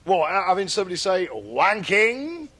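Man, high-pitched, deadpan, comic chat co-host, mock French bits. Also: normal speed. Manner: deadpan, puts on silly French accents. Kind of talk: comedic banter.

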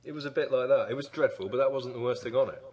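A man's voice: medium pitch, racing, darkish tone, breathy edge. A man co-hosting a comic casual chat, telling stories in a wry, dry way with hesitations.

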